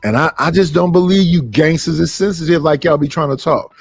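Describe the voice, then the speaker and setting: A man's voice: a little high, fairly quick, gravelly, slightly rough, no room sound, faint music behind. A middle-aged man, hosting a live stream and ranting bluntly and profanely, preaching at his listeners. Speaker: stream host. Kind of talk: casual live-stream rant.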